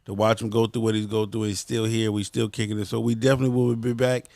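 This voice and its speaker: A man hosting a casual talk show, hyping his guest with quick affirmations. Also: lowish voice, level tone, vocal fry, darkish tone, no echo. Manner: hype, affirming interjections. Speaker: host. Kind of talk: casual interview chat.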